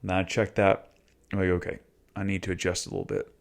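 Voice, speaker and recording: Man, 40s, vlog host: low, gravelly, laid-back coaching delivery, slangy and casual. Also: completely flat delivery, quick pace. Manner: easygoing, slangy, coaching tone with frequent "like". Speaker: YouTube channel host. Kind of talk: casual reflective monologue.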